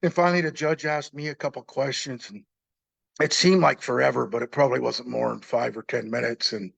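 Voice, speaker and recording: A man's voice: medium pitch, steady tone, brisk, creaky, fairly bright tone, no echo. A man in his sixties casually telling his own story, plain-spoken and rambling, acting out remembered conversations.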